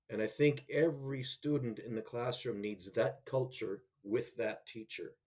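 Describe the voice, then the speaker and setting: A man's voice: medium pitch, measured pace, darkish tone. A middle-aged man, a school leader, speaking reflectively and telling a personal story in a roundtable discussion. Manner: reflective storyteller, acts out quoted voices.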